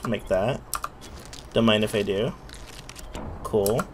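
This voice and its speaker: A man's voice: fairly low pitch, steady tone, slow pace, slight background noise. A man giving casual, muttering commentary while playing a video game, swearing when surprised.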